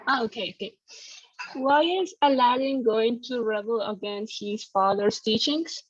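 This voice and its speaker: A woman's voice: fairly high pitch, dry recording. A woman student who speaks Spanish as a first language, answering hesitantly and reading aloud on a video call. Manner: hesitant, reads aloud haltingly. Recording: dull lo-fi call audio.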